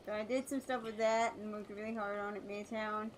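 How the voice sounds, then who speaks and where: A woman's voice: medium pitch, steady tone, brisk, slight background noise, low-quality recording. A woman streamer chatting casually while she plays, rambling with many fillers and restarts. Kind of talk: casual chat while gaming.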